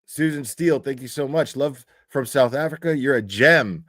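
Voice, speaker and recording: A man's voice: mid-range voice, moderate pace, fairly bright tone, no echo, clean studio sound. A man hosting a livestream, talking casually in a profane, mocking rant. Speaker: streamer host.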